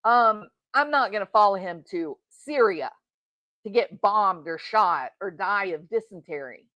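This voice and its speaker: A woman's voice: medium pitch, animated, unhurried, bright, forceful tone, no room sound, poor audio. A middle-aged woman giving indignant, emphatic true crime reaction commentary. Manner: indignant, emphatic, talks straight to the subject. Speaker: commentary host.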